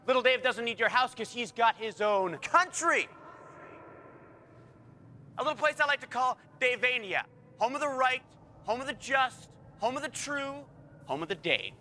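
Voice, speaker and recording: A man's voice: very high voice, sharp tone, slight background noise, exaggerated voice. An actor playing a boastful, childish man who taunts and mocks his friend in a film comedy. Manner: taunting, mocking, whooping. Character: boastful childish man, self-declared ruler of his own country. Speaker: gloating man named Dave.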